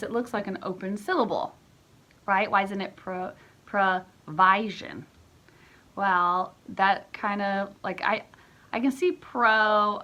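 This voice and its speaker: A woman's voice: medium pitch, sharp tone. A woman homeschool teacher explaining a lesson at home in a casual, chatty way, often checking in with the listener.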